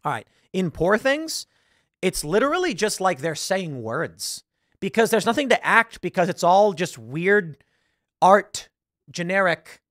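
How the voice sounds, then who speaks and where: A man's voice: high voice, big pitch swings, a little slow, a bit bright, no echo, studio quality. A man hosting a casual talk show, rambling about films while searching online and acting out lines. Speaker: podcast host. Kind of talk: casual commentary.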